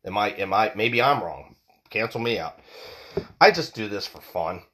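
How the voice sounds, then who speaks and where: A man's voice: fairly low pitch, expressive, moderate pace, a bit bright, slight background noise. A man hosting a solo podcast, ranting with heated, profane talk, often repeating and stumbling over his words. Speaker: podcast host.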